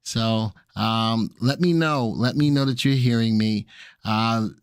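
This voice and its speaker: Middle-aged New man, casual stream host, friendly banter, mid-pitched voice, dry close sound. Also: slow, clean tone, dry recording. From Brooklyn, New York. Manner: chatty, greets viewers by name, jokey asides. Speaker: livestream host and market instructor. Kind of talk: casual live-stream chat.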